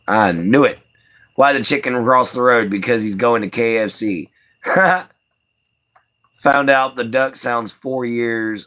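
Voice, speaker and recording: A man's voice: lowish voice, fairly bright tone. A young man with a Southern US accent, chatting in a rambling, folksy way on a livestream and chuckling as he answers the chat. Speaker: livestream host.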